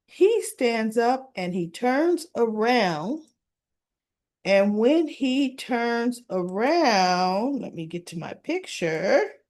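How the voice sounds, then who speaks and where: A woman's voice: a little high, big pitch swings, extremely slow, a little mellow. A woman casually retelling soap opera episodes for her channel, chatty and full of asides. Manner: chatty, leisurely storytelling with asides and fillers. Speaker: soap opera recap vlogger.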